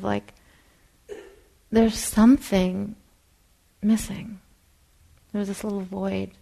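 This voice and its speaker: A woman meditation teacher giving a dharma talk in a soft, unhurried way, sometimes dropping to a whisper. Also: medium pitch, vocal fry, rough recording. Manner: soft-spoken, drops to a whisper at times.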